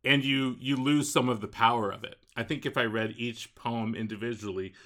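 A man co-hosting a casual book discussion podcast, talking haltingly with frequent "um" and restarts. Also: medium pitch, fairly even intonation, pushed and bright. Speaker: podcast co-host.

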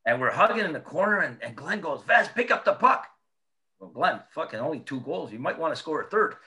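A man tells hockey stories in a loose, animated way, swearing and laughing. His voice sits a little high and has a bright, forceful edge. He speaks in a relaxed, casual chat. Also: fast talker. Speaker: former hockey player guest.

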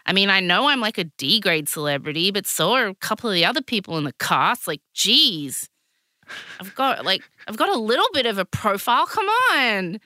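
A woman co-hosting a podcast, chatting in an animated way with lots of fillers. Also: medium pitch, moderate pace, no echo, studio quality. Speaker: podcast co-host. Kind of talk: casual chat.

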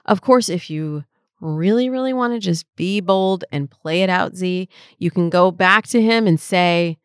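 A woman's voice: fairly low pitch, measured pace, clear, resonant tone, no room sound, clean studio sound. A woman in her forties hosting an advice podcast, answering listener questions as a dating coach in a reflective, conversational way.

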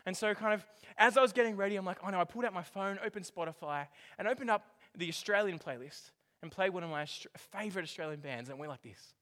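A man preaching a sermon, telling a story with lively swings from hushed to loud. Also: sits high, quick pace, few pauses. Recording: long hall reverb with faint music.

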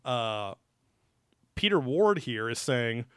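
A man's voice: medium pitch, brisk, no echo, studio quality. A man chatting casually on a podcast, swearing freely and acting out what others said. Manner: animated, swears freely, acts out quotes. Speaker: podcast co-host. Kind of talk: casual profane chat.

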